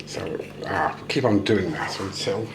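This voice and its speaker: A British man with a fairly low voice talks through a cooking demonstration in his home kitchen. He cracks self-deprecating jokes and keeps things casual. The room is echoey, with faint background noise. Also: measured pace, vocal fry. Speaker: vlogger.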